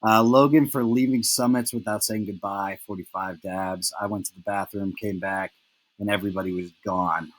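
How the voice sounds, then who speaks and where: Husky young man, teasing casual ramble. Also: on the low side, fairly even intonation, normal speed, no echo, rough recording. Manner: teasing, lots of "like" and "um" fillers. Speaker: fantasy football recap host.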